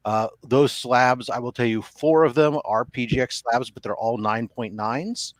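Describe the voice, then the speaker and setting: A man in casual chat about his comic collection, talking in a halting, meandering way with frequent pauses. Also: medium pitch, no room sound. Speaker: comic collector describing his box sale.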